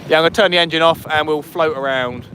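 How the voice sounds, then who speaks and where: A young man talks casually to his live viewers from a small inflatable boat at sea. His voice sits fairly high and he jokes and banters between fishing plans. Loud wind and engine noise wash over the camera mic. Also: fast. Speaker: fishing vlogger. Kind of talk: casual live-stream chat.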